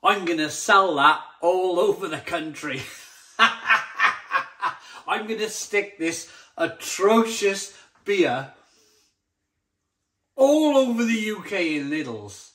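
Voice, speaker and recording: A man's voice: sits high, animated, slow pace, long pauses, pitched above the performer's own voice, full character voice. A man putting on a smug male brewery taster who boasts about selling a bad beer. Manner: mocking, loud and self-satisfied. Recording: roomy echoey sound.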